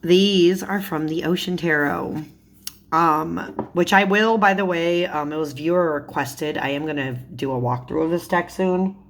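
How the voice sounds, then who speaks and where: Showing tarot cards on her YouTube channel, a young woman keeps up giggly, chatty talk packed with "like" fillers. She speaks at a measured pace in a voice on the low side, with slight background noise.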